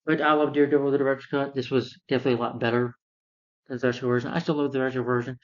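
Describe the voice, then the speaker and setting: A man's voice: mid-range voice, little pitch movement, very fast. A man giving a casual spoken film review, retelling the plot in a rambling, repetitive way. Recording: dull, muffled lo-fi sound.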